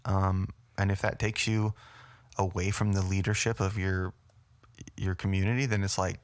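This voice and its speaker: A man with a very low, deep voice co-hosts a casual podcast, speaking calmly and steering the talk with short pauses. His voice sits close to the mic with no room sound at all. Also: clear, resonant tone, no room sound. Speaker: podcast co-host.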